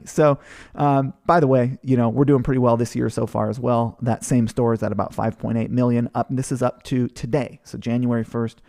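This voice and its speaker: Brief: male presenter, 30s, mid-pitched, loose and conversational, lots of ums. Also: steady tone, a little fast, vocal fry, mellow. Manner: chatty and informal, many fillers. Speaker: presenter of a marketing training. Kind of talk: casual webinar presentation.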